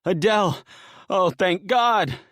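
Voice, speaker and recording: A man voicing a desperate husband who shouts frantically for his wife through a barricade. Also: high-pitched, sing-song, unhurried, dry recording, clean studio sound, pitched above the performer's own voice, heavily acted. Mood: overjoyed.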